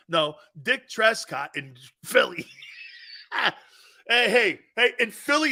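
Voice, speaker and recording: A man hosting a sports talk show, joking loudly and laughing often as he riffs on football. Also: fairly high pitch, big pitch swings, normal speed. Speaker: sports radio host.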